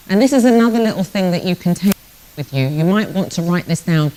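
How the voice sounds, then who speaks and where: A woman's voice: on the low side, lively intonation, fairly quick, mellow, rough recording. A British woman in her sixties, a networking speaker giving a motivational talk, telling stories, joking and speaking straight to the audience. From Britain. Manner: storytelling, jokey, addresses the audience directly.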